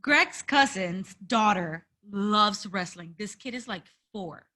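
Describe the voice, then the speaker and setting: A woman co-hosting a casual podcast chat, animated and blunt, swearing freely. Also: medium pitch, slow. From immigrant, origin not stated. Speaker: podcast co-host.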